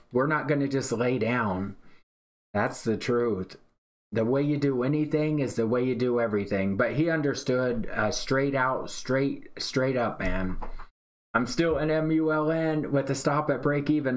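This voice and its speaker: A man telling a long story in a laid-back, drawling way on a live stream, often repeating himself and tagging "man" onto his lines. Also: mid-range voice. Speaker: day-trading live streamer.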